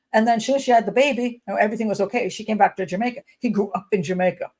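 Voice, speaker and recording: A woman's voice: mid-range voice, creaky, a little mellow. A woman criminal profiler hosting a casual livestream hangout for patrons, talking in a digressive, emphatic way and thinking aloud.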